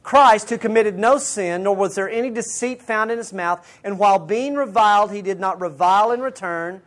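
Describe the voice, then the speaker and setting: An earnest Bible teacher preaching to a room of women, speaking to them directly. The voice sits in a middle pitch, and scripture passages are read aloud along the way. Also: normal speed, fairly bright tone. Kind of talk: sermon.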